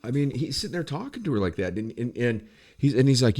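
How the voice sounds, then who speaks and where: A man's voice: mid-range voice, sing-song, fast, a little mellow. A man ranting bluntly in casual podcast chat, swearing freely. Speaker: podcast co-host.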